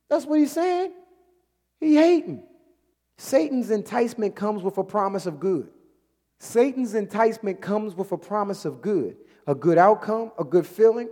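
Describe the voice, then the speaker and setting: A man preaching a lively, colloquial sermon in church, acting out scenes and sometimes yelling in character. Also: sits high, in a large hall.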